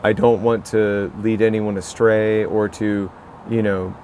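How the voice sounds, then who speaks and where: A man's voice: on the low side, level tone, unhurried, a little mellow, slight background noise. An American man talking in a casual podcast conversation, telling stories in a rambling, reflective way. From United States. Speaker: podcast co-host.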